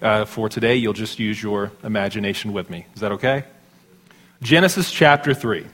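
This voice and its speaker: A man in his thirties preaching a sermon as pastor in a church sanctuary, conversational and self-deprecating with quick asides. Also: on the low side, a bit bright. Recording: long hall reverb.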